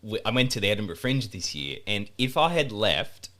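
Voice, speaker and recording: A man's voice: lowish voice, big pitch swings, fairly quick, sharp tone. A man hosting a podcast, interviewing guests with enthusiastic reactions. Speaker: podcast host.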